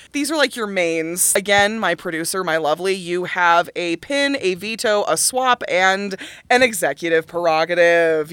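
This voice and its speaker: Bright-voiced woman co-hosting a podcast. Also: on the low side, no room sound. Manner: animated, laughs hard and curses. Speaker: podcast co-host. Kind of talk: casual chat about musical theatre.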